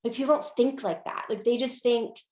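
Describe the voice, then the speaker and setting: A young woman talking casually as an interview guest, with lots of fillers and restarts, getting lively when she quotes people. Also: fairly high pitch, brisk, roomy sound.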